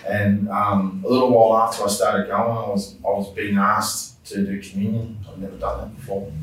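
Interview guest, male, lowish voice, earnest heartfelt testimony; distant mic in a very roomy space. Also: level tone, normal speed, a little hiss or hum. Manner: earnest, heartfelt storytelling with restarts. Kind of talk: personal faith testimony, conversational.

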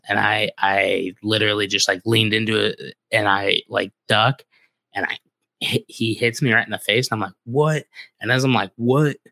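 A man's voice: lowish voice, creaky, pushed and bright, no echo. A man from the American Midwest hosting a podcast, telling a rambling, casual story full of filler "like"s. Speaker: podcast host.

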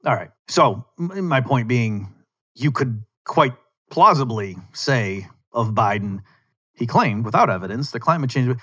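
A man's voice: mid-range voice, animated, measured pace, a bit bright. Argumentative man hosting a solo podcast. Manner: argumentative, conversational, with rhetorical asides. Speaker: podcast host. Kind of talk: solo political commentary.

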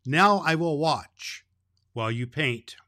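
A man reading aloud as a proud, fierce female lioness who speaks slowly and regally. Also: on the high side, lively intonation, sharp tone, no echo, clean studio sound, exaggerated voice.

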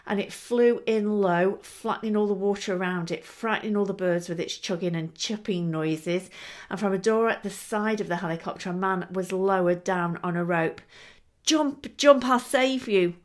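A woman's voice: medium pitch, normal speed. A woman hosting a storytelling podcast, narrating expressively and laughing now and then. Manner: lively, expressive, laughing between lines. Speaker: storyteller and show host.

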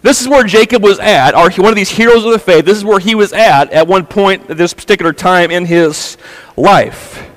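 A man preaches in a church with a long reverb trailing behind each phrase. His voice sits high, and he tells the story in an easygoing, conversational style, slipping into the characters' voices. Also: normal speed. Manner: casual storytelling, acting out the characters' lines. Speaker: pastor. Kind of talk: sermon. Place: church sanctuary.

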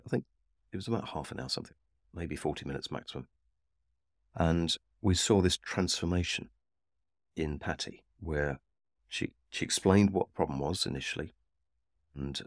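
Very deep-voiced man telling his story. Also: dry recording, clean studio sound. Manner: reflective, unhurried storytelling with frequent restarts. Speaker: Havening trainer. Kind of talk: personal story told in an interview.

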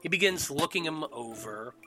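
A man's voice: on the high side, expressive, moderate pace, over music. A man narrating as game master of a tabletop game, talking loosely with many fillers.

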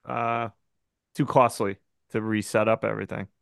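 A man's voice: fairly low pitch, flat delivery, moderate pace, gravelly, no echo, studio quality. A man hosting a podcast, teasing his co-hosts dryly and steering the discussion. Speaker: podcast host. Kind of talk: casual movie-review chat.

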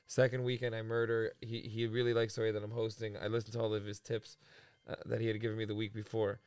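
A young man co-hosting a podcast, telling an animated, slangy story and saying "bro" a lot. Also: lowish voice, fast, clean tone, no room sound. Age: young adult. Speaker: podcast co-host. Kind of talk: casual chat.

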